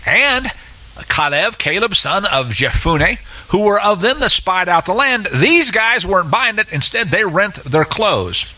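A man teaching through Scripture in an animated, sarcastic way, with many filler uhs. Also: fairly high pitch, poor audio. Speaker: Bible teacher. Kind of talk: expository Bible teaching.

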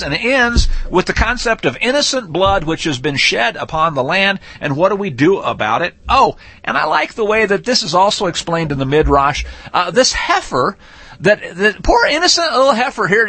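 A man teaching a Torah portion in a lively, folksy, conversational way, rereading verses with shifting emphasis. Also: high-pitched, no room sound. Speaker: Bible teacher.

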